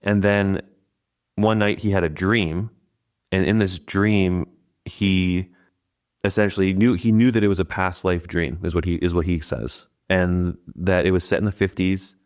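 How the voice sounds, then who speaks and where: A man hosting a podcast, retelling a story in a casual, rambling way. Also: deep voice. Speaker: podcast host. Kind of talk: podcast interview.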